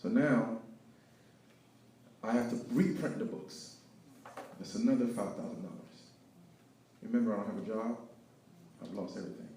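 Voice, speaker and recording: A man telling his story of failure and faith as a speaker at an event, preaching with lively swings between loud and hushed. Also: lowish voice, moderate pace, long pauses, a little hiss or hum. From Haiti. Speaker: guest speaker. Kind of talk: inspirational testimony talk. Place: event hall with live audience. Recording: echoey hall, picked up from far off.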